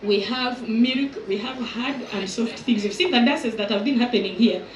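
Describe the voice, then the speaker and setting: A woman in her thirties doing live stand-up crowd work as event host, teasing and exaggerating in an animated way. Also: a little high, moderate pace, a little hiss or hum. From Uganda. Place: outdoor resort event with audience. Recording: echoey venue sound from far off.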